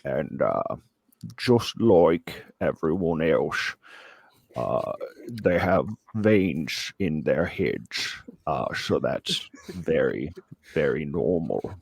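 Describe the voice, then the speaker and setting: A rambling presenter with a deliberately overdone Australian accent, as a man puts him on. The voice is extremely low and gravelly, the delivery slow and deadpan. It sounds dry and close, with a husky rasp. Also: dry recording, full character voice. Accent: exaggerated fake Australian. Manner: deadpan, rambling, mock-earnest.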